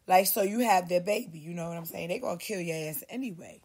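A woman's voice: medium pitch, quick pace, few pauses, husky. Foul-mouthed woman ranting on a podcast. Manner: heavy cursing, animated, mimics others in raised voice. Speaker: podcast host. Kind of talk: profane rambling monologue.

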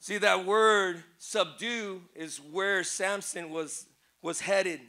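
A man with a very high, sharp voice preaching a fervent sermon in a church. He drops to a hush, then rises to shouts, repeating phrases with deep emotion. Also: steady tone, slow pace, a little hiss or hum. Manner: swings from hushed to shouting, repetitive and emotional. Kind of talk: impassioned sermon. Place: church service before a congregation.

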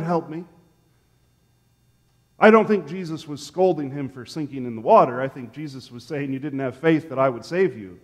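High-voiced pastor preaching in an echoey church. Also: male voice. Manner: animated storytelling, acting out the quotes. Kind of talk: sermon. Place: church sanctuary.

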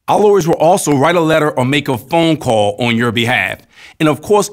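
A man in his thirties speaking as a company spokesman, telling personal stories in an earnest, conversational way for a promotional video. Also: medium pitch. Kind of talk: promotional testimonial talk.

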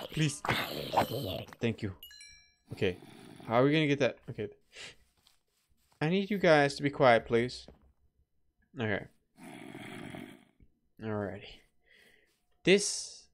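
A man talking through his own survival gameplay in a middle-pitched, casual voice. He rambles at an easy pace, then panics into sudden high-pitched yelps. A faint hiss sits under the recording. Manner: chatty, excitable, breaks into high-pitched yelps. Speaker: gameplay let's player.

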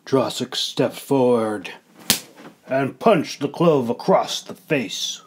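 A man narrating a fantasy audiobook in a measured, deliberate reading. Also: fairly low pitch. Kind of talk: storybook narration.

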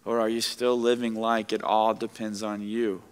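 A man's voice: on the low side, level tone, normal speed, clean tone, in a large hall. A male pastor preaching a sermon to his congregation in a church, in a conversational style with joking asides. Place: church sanctuary with audience.

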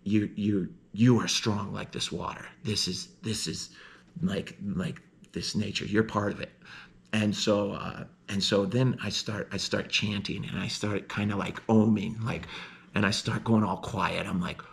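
A man, a snowboarder, telling a personal story in an earnest, rambling way, full of "like" and restarts, and ending with warm encouragement. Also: on the low side, fairly even intonation, unhurried, gravelly. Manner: heartfelt, encouraging. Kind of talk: casual storytelling monologue.

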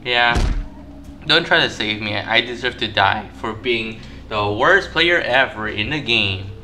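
A man doing gameplay commentary, panicky and self-mocking, repeating words in nervous bursts and shrieking high when caught. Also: lively intonation, unhurried. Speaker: gaming YouTuber.

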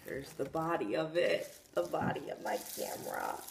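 A young woman chatting casually in a home vlog, gushing with excitement as she talks to the camera. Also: low-pitched, moderate pace, creaky, hardly any pauses, noisy background. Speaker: vlogger. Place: home, indoors.

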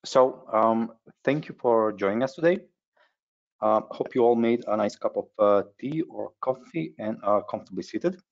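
Low-voiced man hosting a webinar, halting. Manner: halting, frequent hesitations. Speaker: webinar host. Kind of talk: webinar presentation. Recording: dull lo-fi webinar audio.

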